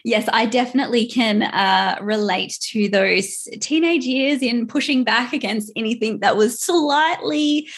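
A woman hosting a podcast, affirming her guest and speaking with animated, laughing energy. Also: on the high side, a little slow, few pauses, husky. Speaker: podcast host. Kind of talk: conversational interview.

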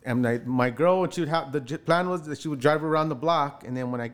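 A man in his forties, an actor telling casually how he broke into film, acting out quoted voices with sudden jumps in pitch. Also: fast. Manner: animated, acts out quoted voices with jumps in pitch, many fillers. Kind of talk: casual storytelling interview.

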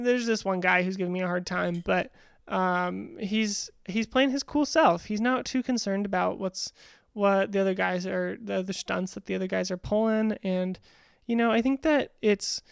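A woman's voice: mid-range voice, gravelly, clean tone, no room sound, clean studio sound. A woman co-hosting a podcast, recapping a reality dating show in casual, chatty talk with frequent ums. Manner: chatty, frequent "um" and "you know". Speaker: podcast co-host.

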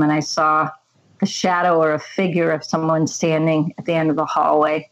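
Low, even-toned woman telling her story. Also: a little fast, dull audio. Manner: earnest, reflective storytelling. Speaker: interview guest. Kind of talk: personal faith testimony.

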